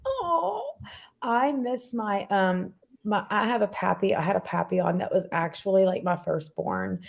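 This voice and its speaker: A woman's voice: mid-range voice, steady tone, normal speed, gravelly. A woman co-hosting a live online show, chatting casually and telling stories with a giggle. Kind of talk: casual livestream chat.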